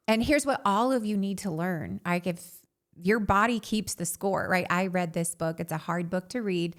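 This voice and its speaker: A woman in her thirties, a podcast co-host, telling a candid personal story in an animated way and saying "like" often. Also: lowish voice, normal speed.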